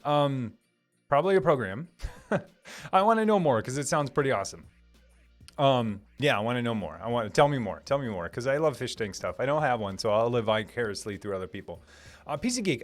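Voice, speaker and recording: A man with a Minnesota accent, a software engineer hosting a casual live stream and answering chat with eager, filler-heavy talk. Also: mid-range voice. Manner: enthusiastic, lots of fillers and restarts.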